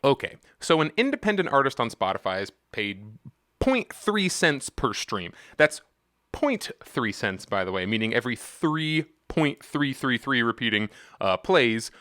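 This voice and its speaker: A man's voice: medium pitch, sing-song, measured pace, pushed and bright, no room sound, clean studio sound. A man hosting a comedic music commentary vlog, talking in a sarcastic, jokey, self-mocking way. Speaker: music vlogger.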